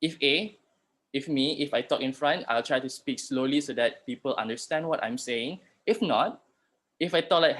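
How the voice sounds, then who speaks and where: A young man teaching an online class, speaking English with a Malaysian accent. He talks in a loose, chatty way and sometimes acts out sample lines for his students. His voice sits at an ordinary middle pitch for a man. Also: normal speed, fairly bright tone. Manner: chatty, code-switching, acts out example lines.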